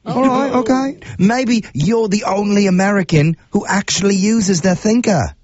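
A man's voice: a little slow, muffled recording, crowd noise. A man putting on a smug fake-British tour guide. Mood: teasing, smug. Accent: fake British accent. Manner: condescending, teasing, lively pitch swings. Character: pushy, cheeky adult male London tour guide.

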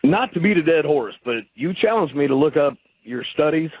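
A man's voice: a little high, lively intonation, normal speed, breathy edge, no echo. A man calling in to a radio show, arguing his point with hesitant fillers. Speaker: radio caller. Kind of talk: phone-in conversation. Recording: phone line.

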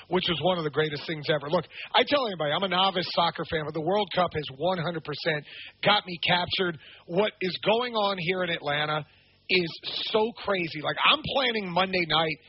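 A man's voice: high voice, dull audio, a little hiss or hum. An enthusiastic, chatty man hosting a radio sports talk show.

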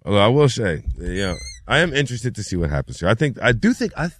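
Lively man talking sports on the radio. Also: fairly low pitch, quick pace, slight background noise. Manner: lively, joking, breaks into sung announcer bits. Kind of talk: casual sports talk.

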